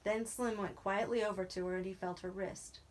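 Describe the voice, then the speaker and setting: A woman reading a novel aloud in a steady, even narrating voice. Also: medium pitch, normal speed. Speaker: reader.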